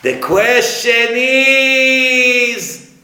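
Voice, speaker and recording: A man's voice: sits high, expressive, unhurried, pushed and bright, full character voice. A man voicing God as a stern, reproachful judge, who puts accusing questions with rising intensity. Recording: roomy echo.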